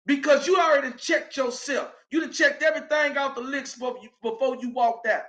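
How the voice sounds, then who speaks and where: A man with a Southern US accent hosting a show, giving an emphatic motivational monologue that rises now and then to shouting. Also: very high-pitched, steady tone, brisk, lo-fi sound. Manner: preachy and emphatic, rising to shouts. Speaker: show host.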